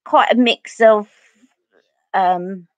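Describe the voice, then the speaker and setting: Talking very slowly in a medium-pitched voice with no room sound, this Essex-accented woman runs a live makeup tutorial, chatting and replying to viewers' comments along the way as a beauty vlogger.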